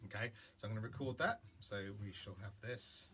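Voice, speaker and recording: A man's voice: fairly low pitch, brisk, a bit bright, slight background noise. A man teaching a remote music lesson, talking casually and thinking aloud with lots of fillers. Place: home room with instruments and loop pedal.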